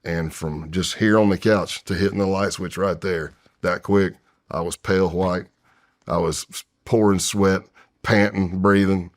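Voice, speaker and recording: With a low-pitched voice, fairly even intonation and a measured pace, a retired federal agent in his fifties from the United States recounts a long personal story on a podcast. His storytelling in the long-form interview is candid and meandering, with many restarts.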